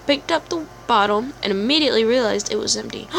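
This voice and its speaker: A woman's voice: on the high side, fast talker, creaky, hardly any pauses, a bit bright, a little hiss or hum. A woman playing a story game, reading its text aloud and chatting with giggly side comments. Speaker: let's play gamer.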